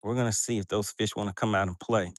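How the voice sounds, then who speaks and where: A man's voice: lowish voice, steady tone, fast talker, no echo, studio quality. A man hosting a fishing livestream from a boat, chatting casually and reading out viewer comments with frequent laughs.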